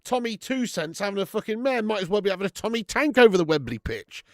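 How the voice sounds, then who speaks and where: Excitable football streamer, dry sound. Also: male voice, sits high, fast talker, no room sound. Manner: excitable, swearing, banter with chat. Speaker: watch-along streamer. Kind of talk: live football watch-along chat.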